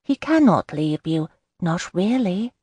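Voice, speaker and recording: A woman voicing an excitable, playful young Regency lady in an audiobook, eager and quick to squeal with delight. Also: fairly low pitch, breathy edge, no room sound, voice pushed up, exaggerated voice. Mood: gentle. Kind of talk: audiobook character voice.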